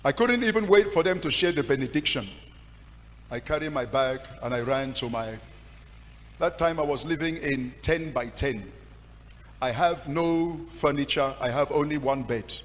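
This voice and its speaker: A Nigerian man preaches a personal testimony in a slightly high voice, dropping to a hush and then rising to loud, impassioned declaiming. His words ring out with a long echo, as if in a large church hall. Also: moderate pace. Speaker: pastor. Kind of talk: sermon testimony.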